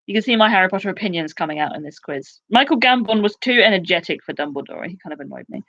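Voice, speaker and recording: A woman's voice: mid-range voice, dull audio. Chatty woman hosting a quiz. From United Kingdom. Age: 20s. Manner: chatty and excitable, quick asides and laughs. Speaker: quiz host. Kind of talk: casual live quiz hosting.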